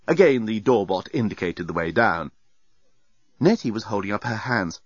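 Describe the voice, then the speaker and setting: A man narrating an audiobook in a wry, expressive storytelling manner, on a dry, slightly dull recording. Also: fairly low pitch, moderate pace, no echo.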